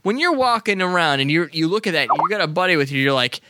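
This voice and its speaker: Animated, bright-voiced tipsy man rambling. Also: high voice, brisk, few pauses, no echo. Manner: rambling, profane, joking. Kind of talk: casual chat.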